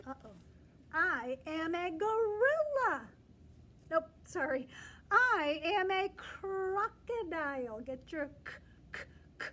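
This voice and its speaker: Woman teacher, high voice, slow, deliberate read-aloud for little kids, sounds out letters, switches between cheering and whispering, faint noise behind. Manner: animated, coaxing, phonics sounding-out, loud cheers and soft whispers. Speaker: teacher reading to young children.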